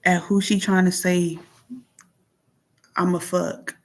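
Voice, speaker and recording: Talking slowly in an even tone, this vlogger rants into her phone in an offhand monologue. She's blunt and swears heavily, shifting between fiery bursts and quiet mutters.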